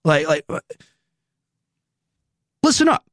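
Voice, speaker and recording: A man's voice: on the high side, big pitch swings, slow pace, a bit bright, no echo, clean studio sound. A young man in his twenties, hosting a radio show, delivering a political commentary monologue with emphatic, repeated rhetorical questions. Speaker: radio host.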